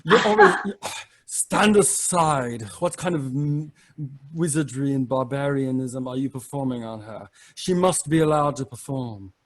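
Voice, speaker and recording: A man's voice: mid-range voice, a little slow, lightly acted. A man voicing a fussy, haughty male stage magician in a tabletop game.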